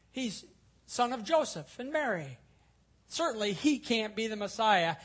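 Guy pastor giving a bible sermon, kinda high voice, earnest, keeps driving points home. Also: fairly bright tone, slightly rough. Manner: earnest, explanatory, repeats key points for emphasis. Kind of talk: expository sermon.

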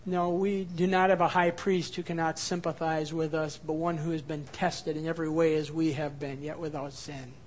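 A man preaching a sermon as pastor, expressive, moving between quiet, soft passages and emphatic, louder ones. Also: a little high, normal speed, hardly any pauses, a little hiss or hum.

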